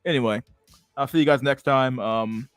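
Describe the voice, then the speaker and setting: A man's voice: mid-range voice, moderate pace, smooth, no room sound, soft background music. A man hosting a livestream, talking in a sarcastic, profane and mumbling way. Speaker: streamer host. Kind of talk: casual livestream commentary.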